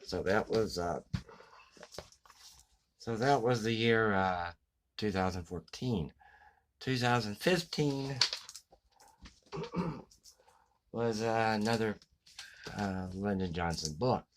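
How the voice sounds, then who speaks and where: A man giving a casual book review, halting with many fillers and restarts. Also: fairly low pitch, slight background noise, rough recording. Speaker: book vlogger.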